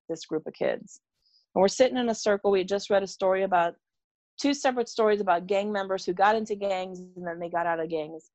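Appearing as a guest on a podcast, this middle-aged former teacher tells her stories conversationally, bringing them to life by imitating the voices of the people involved. Her voice is medium-pitched and darkish, sounding dry and close without any room echo.

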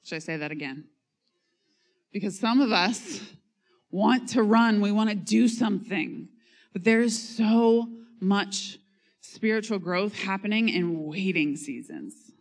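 Conversational woman pastor preaching a sermon. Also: mid-range voice. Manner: conversational, self-mocking humor; reads scripture and acts out quotes.

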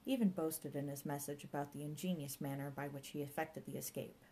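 A woman doing a pompous ranger man, low-voiced. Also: steady tone, a little fast, warm tone, slight background noise, lightly acted, poor audio. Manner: grandiloquent, theatrical. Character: gruff middle-aged male park ranger, pompous martial arts mentor. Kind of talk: audiobook character voice.

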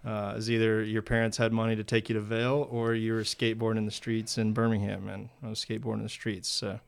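Guy from guesting on a podcast, smooth clear voice, laid-back storytelling, acts out what people said. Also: lowish voice, flat delivery, fast talker, no room sound. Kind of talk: casual chat.

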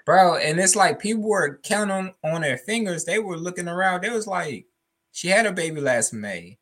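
Easygoing man with an animated voice. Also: sits high, moderate pace. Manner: easygoing, laughs often, acts out quoted people. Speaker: podcast co-host. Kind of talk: casual chat.

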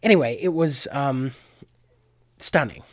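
A man's voice: medium pitch, unhurried. A young man hosting a solo podcast, talking in a rambling, chatty way and often correcting himself. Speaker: podcast host. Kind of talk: casual solo monologue.

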